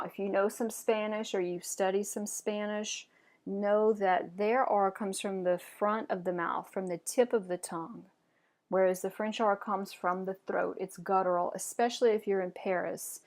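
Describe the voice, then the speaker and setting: A woman teaching French pronunciation, modelling words clearly and encouraging learners to repeat after her. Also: mid-range voice, steady tone, unhurried, a little mellow. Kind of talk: pronunciation lesson.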